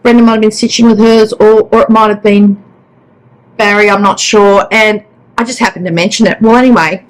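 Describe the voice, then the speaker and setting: A woman's voice: medium pitch, steady tone, moderate pace, rough recording. A woman hosting a casual stitching vlog, chatty and rambling with restarts. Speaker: flosstube host. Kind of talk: casual chat.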